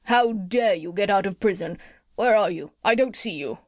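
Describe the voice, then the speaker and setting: A woman's voice: mid-range voice, normal speed, no echo, studio quality, natural voice. Woman doing a blustering storybook king. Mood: indignant. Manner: blustering, indignant. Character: hot-tempered sleepy African king, man. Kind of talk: storybook narration.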